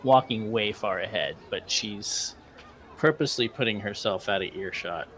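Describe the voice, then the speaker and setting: Relaxed male game master narrating a tabletop game; hesitant fillers, easy laughter. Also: lowish voice, moderate pace, slight background noise.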